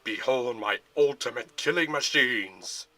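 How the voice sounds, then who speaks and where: A man's voice: lowish voice, unhurried, sharp tone. A man voicing a tall, commanding, short-tempered general who growls and roars orders, in a storybook-style Lego fan film. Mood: cold menace.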